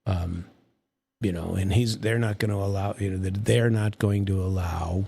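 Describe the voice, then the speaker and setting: A man's voice: low voice, fairly even intonation, moderate pace, creaky, dark tone, husky. A man giving a casual, rambling commentary monologue, grumpy and sarcastic, with many restarts and fillers. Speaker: political commentator.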